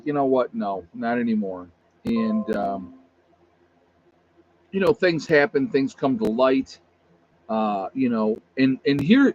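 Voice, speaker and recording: Blunt male livestream host, mid-pitched, casual emphatic rant, slightly muffled lo-fi sound. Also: darkish tone.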